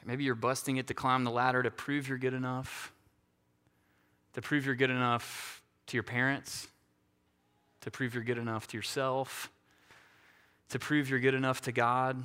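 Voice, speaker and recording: A man's voice: medium pitch, little pitch movement, moderate pace, long pauses, pushed and bright, clear, resonant tone. A male pastor giving a conversational sermon, often checking in with his listeners. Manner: conversational, self-deprecating, asks "right?" often. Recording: hall reverb.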